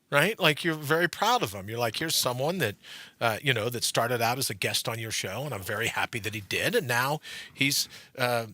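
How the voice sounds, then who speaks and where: Lively, bright-voiced man telling stories. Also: mid-range voice. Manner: animated storyteller, acts out voices in anecdotes. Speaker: co-host. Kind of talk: casual chat. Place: podcast studio.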